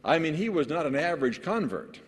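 A man who is a pastor, preaching a sermon to other pastors in a lively storytelling way, with frequent restarts. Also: on the high side, brisk. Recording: long hall reverb.

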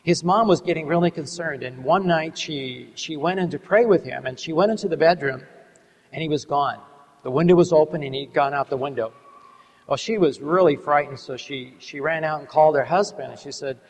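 A middle-aged man preaching to an audience, telling a story in an earnest, measured way and slowing down to stress key words. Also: fairly high pitch. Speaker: Christian ministry speaker. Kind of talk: sermon with a storytelling testimony. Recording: long hall reverb.

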